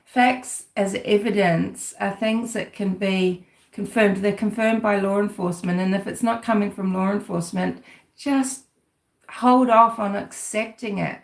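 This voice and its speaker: A woman's voice: mid-range voice, steady tone, unhurried, creaky. A woman giving casual, rambling commentary on a livestream, with a sarcastic edge as she digs into a case. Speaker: true-crime commentator. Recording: roomy echo.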